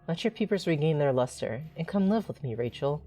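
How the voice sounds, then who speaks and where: A woman voicing a creepy, soft-spoken male doctor obsessed with eyes, reading game dialogue aloud in a slow, sinister croon. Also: low voice, expressive, faint music behind.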